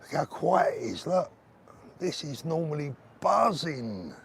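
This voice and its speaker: A middle-aged man strolls through resort streets, talking into a phone on a pole for his live viewers. His voice sits a little high and he jokes and answers comments as he goes. Faint street noise hums behind him. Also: sing-song, unhurried, creaky. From Britain. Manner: chatty and joking, reading out viewer comments. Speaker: livestream host. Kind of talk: casual live walking chat. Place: outdoors on resort streets, walking. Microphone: phone on a selfie pole.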